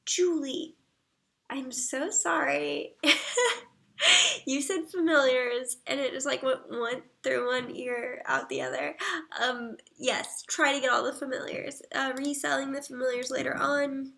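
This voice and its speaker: A woman livestreaming, chatting casually, reading viewer comments aloud and murmuring soft asides. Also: high voice, fairly even intonation, normal speed, gravelly.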